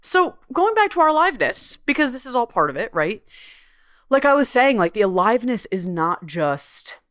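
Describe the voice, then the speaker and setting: A middle-aged woman hosting her own podcast, talking candidly and swearing freely, with humming pauses. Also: a little high, big pitch swings, a bit bright, no echo, clean studio sound. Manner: candid and swearing freely, with laughs and drawn-out hums. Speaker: podcast host and coach. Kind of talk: casual solo podcast monologue. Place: at home recording a podcast.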